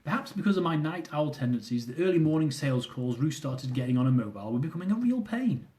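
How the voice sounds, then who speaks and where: Brief: male author reading his funny memoir, high-ish voice, very expressive. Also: quick pace. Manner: comic, animated storytelling.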